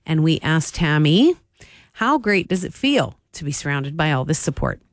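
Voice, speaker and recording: A woman hosting a Christian radio station in Canada, talking with a cheerful, smiling warmth. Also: sits low, big pitch swings, moderate pace, dry recording, studio quality. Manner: smiling, cheerful, laughs easily. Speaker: radio host. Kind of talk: upbeat radio presenting. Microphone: studio microphone.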